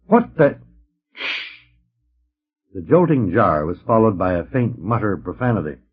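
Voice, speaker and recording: A man reading a science fiction story aloud in an expressive narrating voice, taken from an old, dull-sounding record transfer. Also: sits low, brisk, slightly rough. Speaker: audiobook narrator. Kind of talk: scripted narration.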